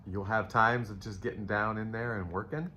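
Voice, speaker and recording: A man's voice: lowish voice, fairly even intonation, moderate pace, pushed and bright. A middle-aged man giving a casual live tarot reading to viewers, rambling and playful, calling them baby. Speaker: tarot reader. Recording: faint ambient noise.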